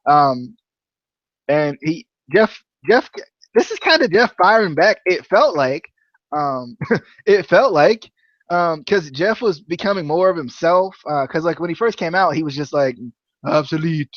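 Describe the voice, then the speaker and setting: A man's voice: a little high, expressive, measured pace, fairly bright tone, no room sound, highs cut off. A man hosting a casual wrestling review podcast, rambling with lots of fillers, restarts and laughter. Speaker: podcast host.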